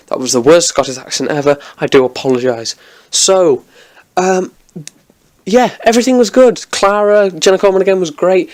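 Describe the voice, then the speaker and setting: A man's voice: a little high, steady tone, a little fast. A man giving an enthusiastic, rambling review of a TV episode in a casual vlog, with many restarts.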